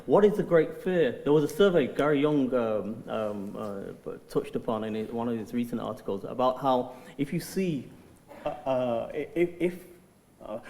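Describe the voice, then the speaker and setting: A man's voice: mid-range voice, mellow. A man interviewing an author at a festival, asking questions hesitantly with many "uh"s and "um"s. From England. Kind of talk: conversational interview. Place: festival hall. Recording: hall reverb.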